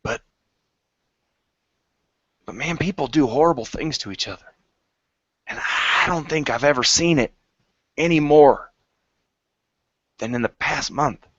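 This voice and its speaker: A man doing a pleading, high-voiced rogue. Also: fairly bright tone, no echo. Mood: distraught. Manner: halting, emotional pleading. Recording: lo-fi recording.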